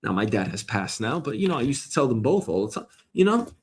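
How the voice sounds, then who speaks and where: A middle-aged man hosting a comedy show, ranting loudly and rambling, swearing a lot and slipping into mock voices. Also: mid-range voice, sing-song, quick pace, husky. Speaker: host. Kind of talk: profane comedic rant.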